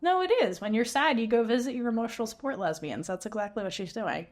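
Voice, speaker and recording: A woman co-host talks through a show recap in casual chat, her pitch leaping and dipping. She sits a bit high and often breaks into laughter while she acts out the characters' lines. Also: expressive, fast. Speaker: podcast co-host.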